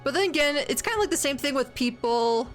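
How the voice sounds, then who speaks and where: A woman's voice: sits high, animated, fast, soft background music. A young woman streaming a game, chatting casually in a rambling, giggly way with lots of fillers. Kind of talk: casual gaming commentary.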